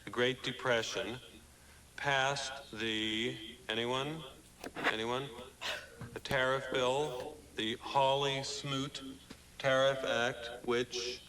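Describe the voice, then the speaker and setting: A droning, monotone teacher. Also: male voice, mid-range voice, extremely slow, crowd noise, rough recording. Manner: monotone, flat, repeated questions to silent class. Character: droning dull middle-aged male history teacher. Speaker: teacher in a film scene.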